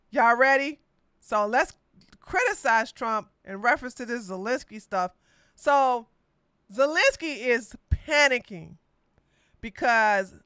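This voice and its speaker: Chatty woman, bright voice. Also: on the high side, no room sound, studio quality. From Georgia, USA. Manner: rambling, chatty, talks straight to the chat. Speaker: podcast host. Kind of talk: casual political chat livestream.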